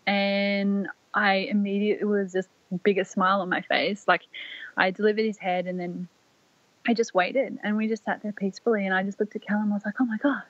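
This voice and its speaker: A young Australian woman, a podcast guest, telling a personal story in a soft, rambling way full of "like" fillers. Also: medium pitch, fairly even intonation, fairly quick, dry recording. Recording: dry, slightly dull lo-fi audio.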